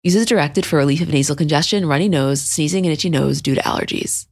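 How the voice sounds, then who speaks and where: A woman's voice: sits low, fast talker, darkish tone, husky, dry recording, studio quality. A woman hosting a podcast, reading a sponsor ad in a chatty, personal way that turns scripted. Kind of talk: sponsor read.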